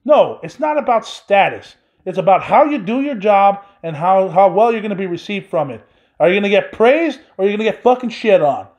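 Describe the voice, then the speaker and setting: A man's voice: high voice, big pitch swings, fairly quick, darkish tone. A man hosting his own podcast, delivering an angry, profanity-laden solo rant. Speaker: podcast host. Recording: dull lo-fi recording.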